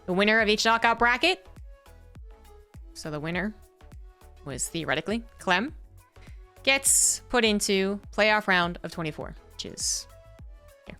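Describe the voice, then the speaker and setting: A man's voice: high-pitched, animated, a little slow, long pauses, sharp tone, clear, resonant tone, soft background music. A man who works as an esports caster, chatting his way through a diagram in a casual explainer video and often correcting himself.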